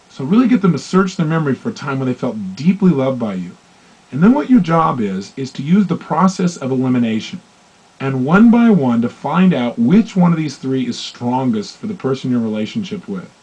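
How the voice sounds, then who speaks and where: A man giving a motivational talk on love and relationships, acting out both partners in dialogue with lively, shifting voices. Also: mid-range voice, a little fast, breathy edge, dull audio. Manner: animated, acts out both partners in quoted dialogue. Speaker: motivational speaker.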